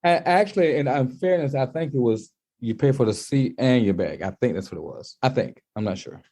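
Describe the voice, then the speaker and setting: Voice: medium pitch, animated, brisk, dark tone. A podcast co-host in a casual chat, adding brief agreeing remarks.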